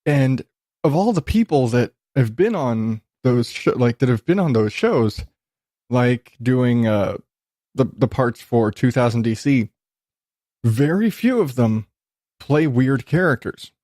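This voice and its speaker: A man's voice: mid-range voice, animated, slow pace, mellow, dry recording, studio quality. A man hosting his own podcast, talking casually and rambling, often restarting sentences. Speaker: podcast host. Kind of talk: casual monologue.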